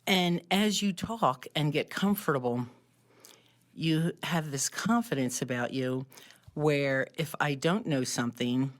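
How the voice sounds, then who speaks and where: A club member with a low voice and a measured pace shares a personal story in a relaxed group chat. She's animated and laughs a lot as she talks.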